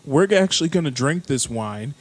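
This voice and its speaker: A man's voice: on the high side, lively intonation, moderate pace. A man co-hosting a casual podcast chat who jokes around and rambles with lots of "like" and "um.". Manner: joking, rambling, lots of fillers. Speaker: podcast co-host.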